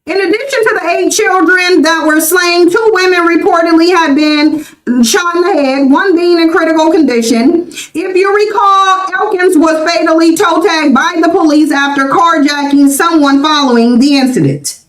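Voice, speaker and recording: Extremely high-pitched and a bit bright, this American livestream host in her forties speaks at a moderate pace with hardly any pauses. She repeats her points insistently and emphatically in her commentary, heard through a reverberant, rough recording.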